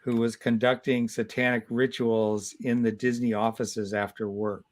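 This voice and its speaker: Sixties man, guest storyteller, lively and halting, mid-pitched. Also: slight background noise. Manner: animated storyteller, many restarts. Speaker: guest comic artist. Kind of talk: casual storytelling interview.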